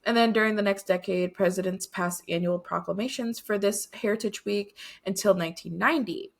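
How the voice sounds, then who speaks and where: A young woman co-hosting a podcast, explaining things in a steady, careful way. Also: medium pitch, a little fast, creaky. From United States. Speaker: podcast co-host. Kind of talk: casual chat.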